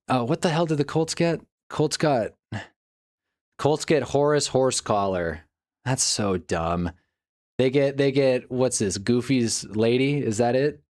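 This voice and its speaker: A man live streaming, chatting casually and rambling as he reacts to things on screen and talks to his chat, often laughing. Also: mid-range voice. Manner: talks to chat while browsing online.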